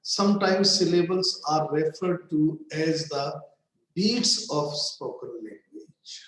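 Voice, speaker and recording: Slow-speaking man lecturing in an echoey room. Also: a little high, fairly bright tone. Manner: slow and deliberate, repeating words to stress syllables. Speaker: English literature lecturer.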